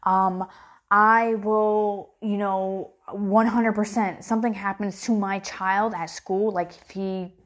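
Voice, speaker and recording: Candid, rambling mom vlogger. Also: female voice, fairly even intonation, slow pace. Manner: rambling, candid, emotional, swears freely; frequent fillers and restarts, rising pitch when worked up. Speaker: mother vlogging to her followers. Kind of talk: casual direct-to-camera chat.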